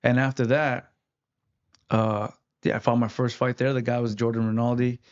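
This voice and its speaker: A man's voice: medium pitch, level tone, normal speed, highs cut off. A man, an interview guest who fights, telling his story in casual chat with many fillers. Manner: rambling, lots of "like" fillers.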